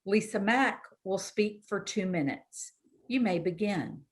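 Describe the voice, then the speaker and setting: A woman moderating candidate speeches, reading questions in a measured, procedural way. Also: medium pitch, slightly rough. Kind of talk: formal moderation.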